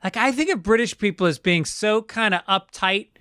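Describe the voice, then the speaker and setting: Male co-host, bright clear voice, candid rambling delivery, dry close sound. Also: high-pitched, moderate pace, no room sound. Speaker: podcast co-host. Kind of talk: casual chat.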